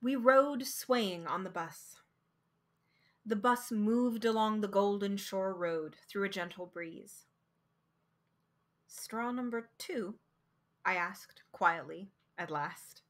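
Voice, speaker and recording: A woman reading a short story aloud in a slow, expressive, dramatic way. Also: medium pitch.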